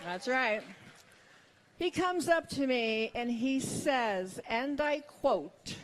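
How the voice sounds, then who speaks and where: Woman, middle-aged, stand-up comic, wry, self-mocking, fairly high voice. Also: animated, slow pace. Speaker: stand-up comedian. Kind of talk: stand-up comedy set.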